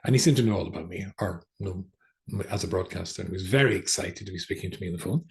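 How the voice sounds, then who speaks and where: A man's voice: low-pitched, fast talker, vocal fry, a little mellow. An older man, a rabbi, tells a story in a chatty lecture, often stopping with fillers and restarts. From England. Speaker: rabbi teaching a class.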